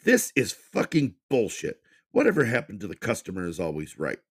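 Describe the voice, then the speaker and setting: A man doing a foul-mouthed hothead, shouting. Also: on the low side, wildly swooping pitch, normal speed, husky, voice pushed up, full character voice. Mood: contemptuous. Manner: snapping, shouting, swearing. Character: rude short-tempered young man, abusive.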